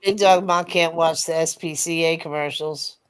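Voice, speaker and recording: A woman in casual pub-style chat, an animated storyteller who swears freely. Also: low-pitched, moderate pace, clear, resonant tone. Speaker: co-host.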